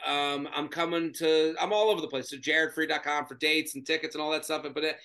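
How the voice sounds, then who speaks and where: Male comic guest, high and bright, animated storyteller who laughs a lot. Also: brisk. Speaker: comedian guest. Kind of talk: casual podcast chat.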